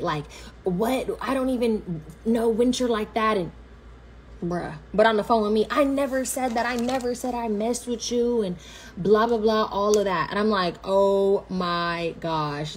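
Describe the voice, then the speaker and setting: A young woman, telling a story on a livestream in a blunt, slangy, profane, animated way. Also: medium pitch, slight background noise.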